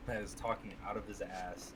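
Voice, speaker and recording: A man's voice: fairly low pitch, fairly even intonation, brisk, crowd noise. A man co-hosting a casual podcast, joking and mocking himself. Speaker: podcast co-host. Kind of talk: casual chat. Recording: noisy background hiss.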